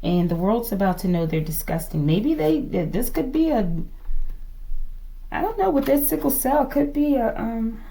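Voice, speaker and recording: A woman's voice: on the high side, expressive, moderate pace, gravelly, warm tone. A woman giving a casual tarot reading to her viewers, musing aloud, asking the cards to show her and often calling her audience "collective". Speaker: tarot reader.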